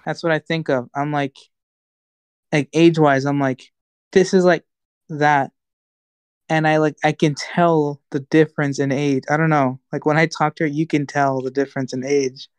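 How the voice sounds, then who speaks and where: A young man co-hosting a casual podcast, reacting in short, halting remarks. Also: on the high side, flat delivery, clear, resonant tone, dry recording. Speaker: podcast co-host. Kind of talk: casual chat.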